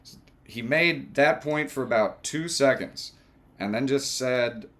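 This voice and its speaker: A man with a bright, clear voice at a middle pitch. He co-hosts a casual reaction show, talking loosely and rambling through fillers, ready to laugh. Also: unhurried. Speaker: co-host.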